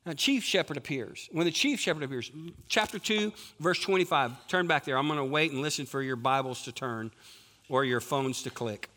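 A man's voice: medium pitch, moderate pace, pushed and bright. A middle-aged man preaching a sermon as lead pastor, conversational and full of rhetorical questions to the congregation.

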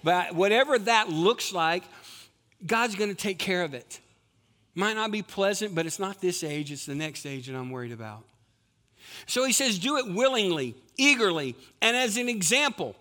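A man's voice: high-pitched, animated, moderate pace, bright, forceful tone. A middle-aged man preaching a sermon as lead pastor, conversational and full of rhetorical questions to the congregation.

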